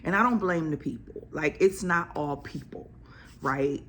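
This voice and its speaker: An OB-GYN physician who hosts a podcast speaks bluntly and emphatically in casual slang about health to her audience. Her voice is low, unhurried, and a bit bright, with a little hiss or hum in the recording.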